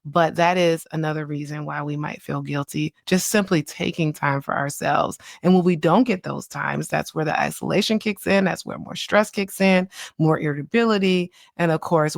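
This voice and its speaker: A chatty woman in her thirties talks straight into a close mic, her voice sitting a little low for a woman. She is animated and laughs easily as she hosts her own podcast. The sound is dry, with no room around it. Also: normal speed, vocal fry, dry recording. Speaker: podcast host, child psychiatrist. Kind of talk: casual solo podcast talk.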